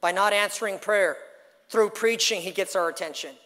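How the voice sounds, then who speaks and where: Pastor guy preaching a sermon, kinda high voice, long echo from the church hall, goes loud then hushed. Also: normal speed. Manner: dynamic preaching, storytelling with acted quotes, swings from loud to hushed. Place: church sanctuary.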